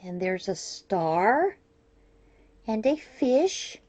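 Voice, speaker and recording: Brief: chatty female crafting vlogger, mellow warm tone, effusive unboxing talk. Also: medium pitch, sing-song, drawn-out words. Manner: chatty, gushing over each item. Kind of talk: casual unboxing chat.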